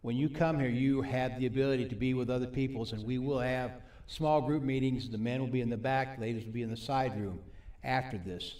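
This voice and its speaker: A man preaching a sermon at a recovery ministry. He reads scripture slowly and asks the audience questions. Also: medium pitch, a little mellow. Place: meeting hall with a live audience. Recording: echoey hall, mic from a distance.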